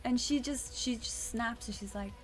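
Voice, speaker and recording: A woman's voice: on the high side, moderate pace, soft background music. A woman streamer casually recapping a story, rambling with restarts and swearing.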